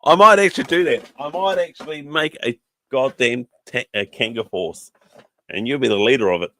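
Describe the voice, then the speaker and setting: A man's voice: medium pitch, moderate pace, fairly bright tone, dry recording. New Zealand man rambling on a livestream. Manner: rambling, full of ums, chummy with viewers. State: sore throat, coughing. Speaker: podcast host. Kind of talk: casual livestream chat.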